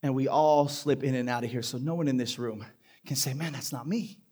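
A man preaching a sermon to a congregation, building from quiet points to loud, emphatic passages. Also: mid-range voice, steady tone, brisk. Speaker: pastor. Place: church hall before a live congregation.

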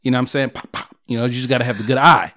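A man's voice: mid-range voice, fairly even intonation, racing, sharp tone. Teasing man laying out a plan. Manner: teasing, lays out plans step by step. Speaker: podcast co-host. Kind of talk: casual chat.

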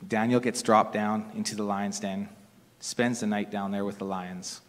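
The voice of this middle-aged preacher is on the low side, flat, at a moderate pace. He delivers his sermon conversationally through stories, sometimes restarting sentences, and the recording carries the long reverb of a large hall.

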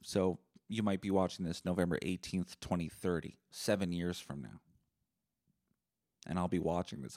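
A man hosting a solo podcast, rambling in crude deadpan humor. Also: low-pitched, normal speed, long pauses. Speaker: podcast host.

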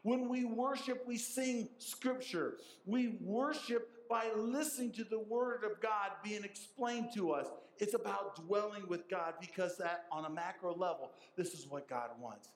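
A man's voice: sits high, unhurried, few pauses, reverberant, rough recording. A man preaching a sermon as pastor, emphatic and repeating his key phrases for stress. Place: church sanctuary.

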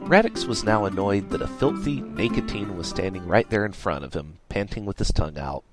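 A man reading an audiobook aloud in a playful, expressive way. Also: fairly low pitch, normal speed, music in the background. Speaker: audiobook reader. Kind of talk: audiobook narration.

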